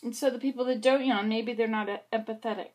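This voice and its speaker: A woman's voice: a little high, steady tone, fast talker, a little mellow. A woman vlogging to camera, chatting in a rambling, meandering way with little asides to herself. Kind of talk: casual chat to camera. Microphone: camera facing her like a mirror.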